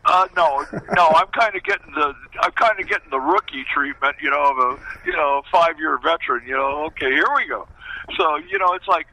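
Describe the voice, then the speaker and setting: An older man recounts his old pitching days in an interview, throwing himself into every line of quoted dialogue. His voice is strikingly bright and sharp, and he tells it with animated, plain-spoken energy. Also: brisk, hardly any pauses, rough recording. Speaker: former baseball pitcher. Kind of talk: storytelling interview.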